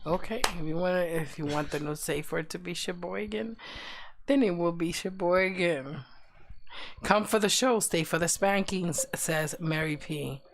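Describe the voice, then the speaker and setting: Slow, low-voiced giggly woman host. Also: a little hiss or hum. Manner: giggly, teasing and playful. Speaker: live stream show host. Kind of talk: casual live stream chat.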